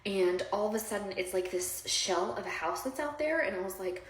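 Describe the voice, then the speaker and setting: A woman tells her viewers about her own past, speaking briskly in an expressive, medium-pitched voice with a little hiss or hum audible. Casual, rambling, and heartfelt, her story has lots of fillers and audience asides, plus a roomy echo.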